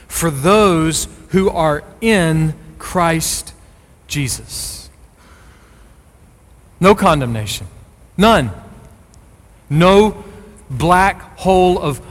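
A middle-aged man preaching a sermon as a pastor, speaking with rising, forceful emphasis on key phrases. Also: fairly high pitch, in a large hall.

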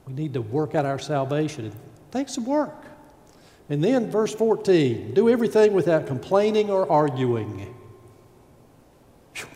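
High-voiced preacher in a reverberant sanctuary. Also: male voice, a little slow, pauses often. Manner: animated preaching, acting out grumbling voices. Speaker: pastor. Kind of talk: sermon.

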